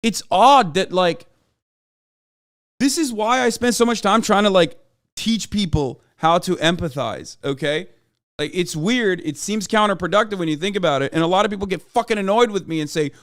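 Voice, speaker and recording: A man ranting on a live stream, angry and full of profanity as he argues with viewers. His voice is high for a man, smooth and clear, and dry with no room sound. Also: animated, normal speed, fairly bright tone, dry recording. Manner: heated, profane, argumentative. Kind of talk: live-stream reaction rant.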